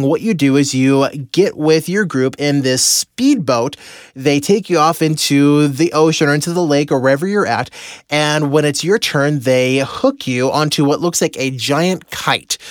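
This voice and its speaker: A man telling a personal story as a motivational mentor, animated and acting out the voices of the people in it. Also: on the high side, dry recording, clean studio sound.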